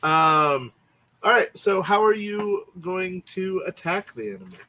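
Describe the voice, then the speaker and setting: A man running a tabletop game as game master, easygoing and quick to laugh. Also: high-pitched, very animated, sharp tone.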